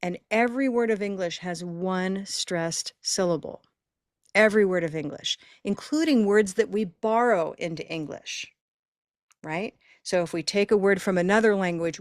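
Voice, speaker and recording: A woman leads a live pronunciation class over a video call, cheering her learners on and drawing words out slowly so they can hear each sound. Her voice sits a little low and reaches the mic dry, with almost no room sound. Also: no echo. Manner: encouraging, stretches words slowly to demonstrate sounds. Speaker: pronunciation teacher.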